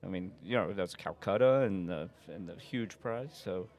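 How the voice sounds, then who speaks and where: A man's voice: sits low, normal speed, darkish tone. A man commentating a live pool match, chatting casually and telling rambling stories with frequent laughs. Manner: rambling storyteller, laughs often.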